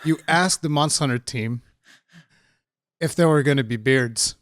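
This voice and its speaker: A man's voice: mid-range voice, normal speed, no echo, clean studio sound. A man hosting a casual interview with a fellow content creator. He is friendly and jokes and laughs easily.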